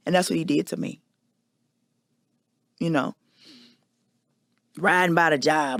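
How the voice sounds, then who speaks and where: Woman host, candid confessional monologue, gravelly tone, dry close recording. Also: low-pitched, slow, pauses often, a bit bright, no echo. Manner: candid, emphatic storytelling. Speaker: podcast host.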